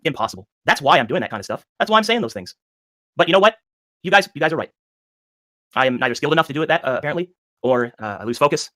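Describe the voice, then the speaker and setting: A man's voice: mid-range voice, sharp tone, no room sound. A man in a tense voice-chat argument, defensive and insistent, speaking over a call mic. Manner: defensive, insistent, voice rising then apologetic. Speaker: group leader facing criticism.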